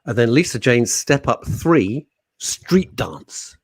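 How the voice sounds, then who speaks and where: A man's voice: mid-range voice, very animated, takes it slowly, slightly rough, no echo. A man co-hosting a radio chat show, reading listener messages with jokey, teasing banter. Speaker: radio co-host.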